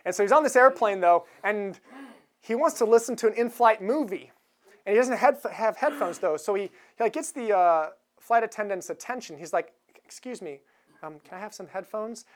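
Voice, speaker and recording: A woman's voice: medium pitch, expressive, moderate pace. A woman giving a sermon in a conversational manner, chuckling now and then as she tells stories. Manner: conversational, chuckles while retelling a film scene. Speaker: preacher.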